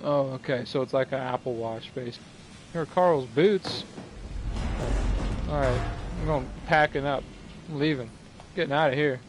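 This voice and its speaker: A man's voice: mid-range voice, moderate pace, long pauses, background noise. A young man streaming a video game, joking and talking back to the characters on screen. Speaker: gaming streamer. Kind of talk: let's play commentary.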